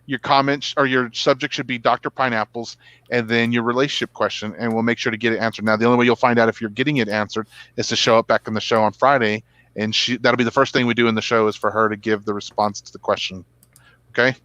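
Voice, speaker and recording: A man's voice: medium pitch, flat delivery, fast, bright, forceful tone, no room sound, muffled recording. A man hosting a casual talk show, chatting, laughing often and wrapping up the episode. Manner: chatty, laughing, says y'all. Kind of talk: casual show sign-off chat.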